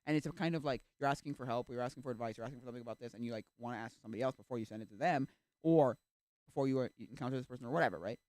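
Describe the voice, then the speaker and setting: A man streaming and chatting casually, animated and easily exasperated, acting out little reactions. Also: medium pitch, racing, dry recording. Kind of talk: casual chat.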